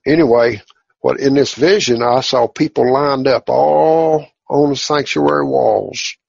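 Gravelly man telling his testimony. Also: medium pitch, a little mellow, no echo. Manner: folksy, plainspoken, halting. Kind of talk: personal testimony storytelling. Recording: dull lo-fi recording.

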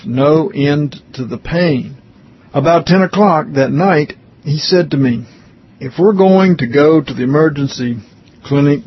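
A man earnestly reading a written testimony aloud, pausing for brief comments of his own. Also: mid-range voice, husky, highs cut off.

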